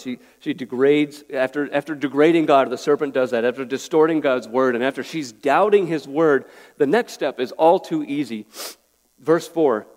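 Earnest pastor preaching in echoing hall. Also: male voice, mid-range voice, a little mellow. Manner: earnest, pleading, repeats words at restarts. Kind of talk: sermon. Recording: echoey hall with long reverb.

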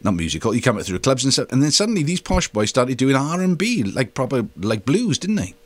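A man's voice: medium pitch, quick pace, no room sound. A man hosting a podcast, chatting casually and telling stories with enthusiasm. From Wales. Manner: animated, enthusiastic storyteller. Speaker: podcast host. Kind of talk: casual chat.

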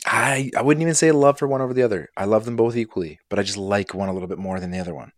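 A young Canadian man co-hosting a podcast, his voice sitting low and easy. He rambles and swears with a relaxed, unhurried feel. The sound is close and dry, with no room around it. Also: dry recording. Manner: laid-back, profane, rambling. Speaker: podcast co-host. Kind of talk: casual chat.

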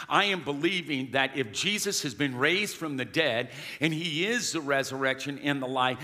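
Male pastor, bright forceful tone, slightly high, animated call-and-response sermon in a hall with long reverb. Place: church sanctuary.

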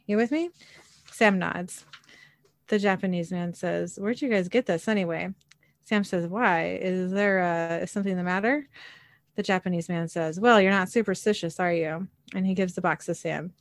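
A woman's voice: on the low side, dry recording, studio quality. A woman narrating a TV episode scene by scene in a casual way, reading the characters' lines plainly with the odd filler. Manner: reads quoted dialogue plainly, with small fillers.

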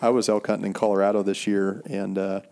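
Podcast host, very deep and flat, gravelly, relaxed rambling talk. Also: male voice, quick pace. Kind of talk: casual chat.

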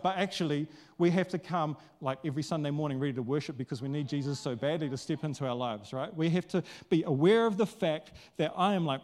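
Casual, animated male preacher. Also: fairly high pitch. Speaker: pastor. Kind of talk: sermon.

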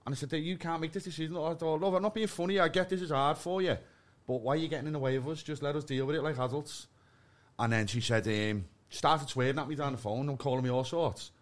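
A man's voice: fairly high pitch, fairly even intonation, fast. A man, a podcast guest telling a story in blunt, sweary casual chat and acting out both sides of phone arguments.

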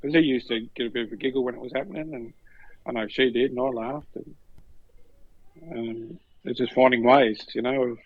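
A man's voice: mid-range voice, fairly quick, no room sound. Storytelling Australian man, dull dry sound. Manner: animated, acts out other voices in stories. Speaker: podcast guest. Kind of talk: casual storytelling.

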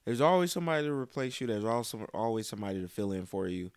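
A man talking frankly and profanely in casual chat, animated as he vents. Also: fairly low pitch, quick pace, smooth, no room sound, clean studio sound.

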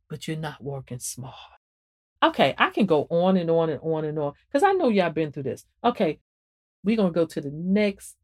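A woman hosting a spiritual podcast and talking about her book, preaching to listeners in an animated, emphatic way and repeating phrases for emphasis. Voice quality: emphatic and animated, swings up and down in pitch. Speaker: podcast host and author.

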